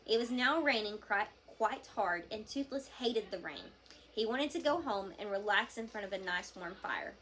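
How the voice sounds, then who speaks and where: A woman reading a children's novel aloud to a class, with expressive storytelling. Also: mid-range voice, normal speed, a little hiss or hum.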